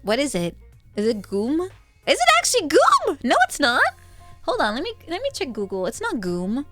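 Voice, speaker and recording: A woman from the Netherlands with a Dutch accent, chatting casually as a streamer, giggling often and squealing when excited. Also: fairly high pitch, normal speed, dry recording, faint music behind. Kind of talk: casual chat.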